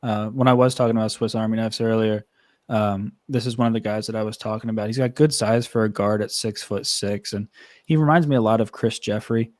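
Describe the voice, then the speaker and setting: A man co-hosting a sports podcast, talking in a relaxed, plain-spoken way. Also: fairly low pitch, brisk, no echo, studio quality. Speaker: podcast co-host. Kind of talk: casual sports podcast chat.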